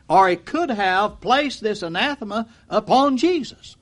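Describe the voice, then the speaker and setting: A man preaching an expository sermon in a folksy way, acting out quotes and swinging from loud to low. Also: expressive, a little slow.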